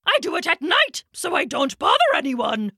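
A woman's voice: very high-pitched, huge pitch swings, moderate pace, creaky, bright, forceful tone, no room sound, clean studio sound, pitched above the performer's own voice, exaggerated voice. A woman playing a cheery one-eyed toy box monster. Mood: friendly. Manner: cheery, lip-smacking.

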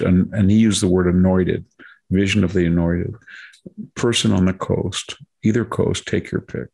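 A man's voice: low-pitched, steady tone, moderate pace, a little mellow. An older man hosting a political talk show, delivering sardonic commentary full of mocking rhetorical questions. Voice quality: gravelly, husky. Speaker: podcast host.

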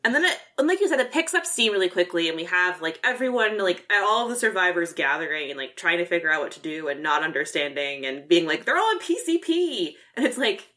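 A woman co-hosting a podcast, chatting casually about a horror film, animated and swearing freely, acting out lines from scenes. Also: fairly low pitch, fast talker, hardly any pauses. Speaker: podcast co-host.

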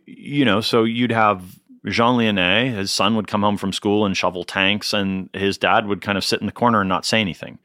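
A man, a winemaker telling personal anecdotes in an interview, earnest and animated, often restarting his sentences. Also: low voice, no room sound, studio quality. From United States. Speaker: winemaker guest. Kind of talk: conversational storytelling.

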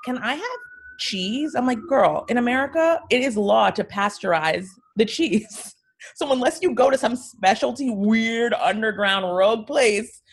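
Woman on a podcast, blunt, pitch jumping all over when she tells a story. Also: lively intonation, moderate pace, husky. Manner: blunt, storytelling with quoted voices. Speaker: podcast guest, dietitian. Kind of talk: casual chat.

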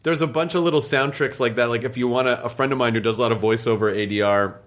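A young adult man hosting a casual chat, telling stories in an animated, joking way and putting on mock quotes. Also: medium pitch, quick pace.

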